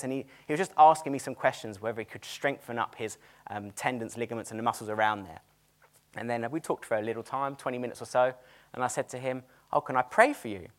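Lively man preaching. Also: mid-range voice. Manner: animated, chatty, laughs at his own stories. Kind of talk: sermon with storytelling. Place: cinema used as a church venue.

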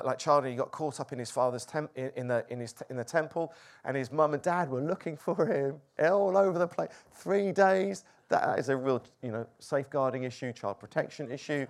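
A man preaching a sermon, moving between loud exclamations and hushed, quiet lines. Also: on the high side.

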